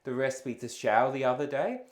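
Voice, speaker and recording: A man's voice: medium pitch, animated, moderate pace. A man hosting a live cooking stream, explaining each step casually with a lot of hesitant ums. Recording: roomy kitchen echo.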